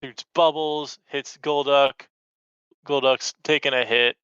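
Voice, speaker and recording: Slow, bright-voiced man recapping. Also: mid-range voice, fairly even intonation, clean tone, no room sound. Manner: measured, step-by-step play-by-play. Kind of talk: casual episode recap. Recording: dull lo-fi recording.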